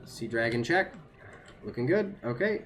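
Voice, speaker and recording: A man's voice: medium pitch, animated, moderate pace, fairly bright tone, slight background noise. A man streaming a video game, talking to himself and his chat in a nervous, repetitive way. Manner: nervous self-talk, repeats phrases under pressure. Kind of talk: live gameplay commentary to chat.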